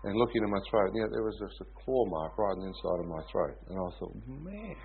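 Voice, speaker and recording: A man from New preaching, telling stories in an animated way and often asking his listeners if they follow. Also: deep voice, fast, gravelly, a little hiss or hum. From New Zealand. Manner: animated storytelling, often asks "you know what I mean?". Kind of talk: sermon storytelling. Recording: tinny phone-like sound.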